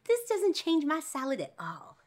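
Woman putting on her sweet old dad, way higher, singsongy, gushing over his food. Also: huge pitch swings. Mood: doting. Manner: fond, sing-song, drawn-out praise. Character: doting older father, gentle and cheerful.

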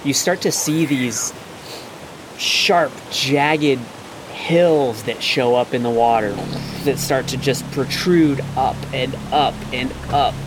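Casting: measured male game master, unhurried storytelling, constant hiss in the background. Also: medium pitch. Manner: slow, descriptive storytelling. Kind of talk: narrating a tabletop game.

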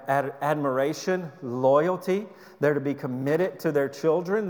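A man with a notably high voice preaches in earnest, urging tones, often stumbling and restarting mid-phrase. His sermon rings out with a long hall reverb, as if from a church sanctuary. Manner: earnest, exhorting, with frequent restarts. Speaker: pastor.

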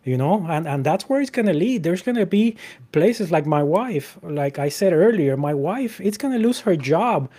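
A man's voice: high voice, lively intonation, moderate pace, mellow. A man in casual Christian discussion, reading Bible verses aloud and talking conversationally with lots of "you know" and restarts.

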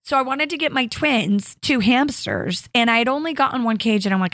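A woman in her thirties co-hosting a casual chat podcast, telling lively stories and acting out what people said. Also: on the high side, brisk, few pauses, dry recording, studio quality. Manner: animated storyteller, acts out quotes. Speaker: podcast co-host.

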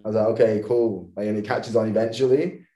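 A man's voice: lowish voice, a little fast. Laughing man in an echoey room. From England. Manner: laughs often, relaxed and easygoing. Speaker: podcast guest, professional dancer. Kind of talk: casual interview chat.

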